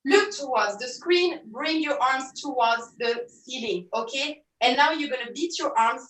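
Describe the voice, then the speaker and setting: A woman with a high voice teaches an online pilates class, cueing each move and counting reps brightly. She corrects herself with quick asides as she goes. Her voice sounds roomy and comes from a little way off the mic. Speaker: pilates instructor. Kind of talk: online fitness class instruction. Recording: roomy audio from a distance.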